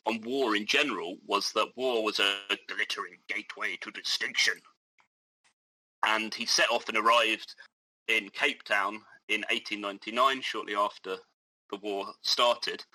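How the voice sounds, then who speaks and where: Male podcast co-host, casual history chat, slightly low voice, dry sound. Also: moderate pace, bright, forceful tone, slightly rough, dry recording, rough recording.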